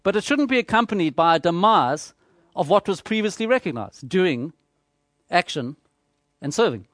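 A man preaching a sermon, measured and emphatic, repeating phrases for rhetorical effect. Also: high voice, big pitch swings, fairly bright tone, dry recording, clean studio sound.

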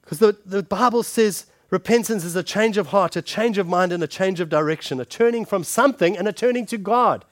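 A man preaching a sermon, calling his listeners friends and shifting between forceful punches and hushed scripture reading. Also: high-pitched, fairly quick, few pauses, dry recording, studio quality. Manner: emphatic, addresses the congregation directly as friends.

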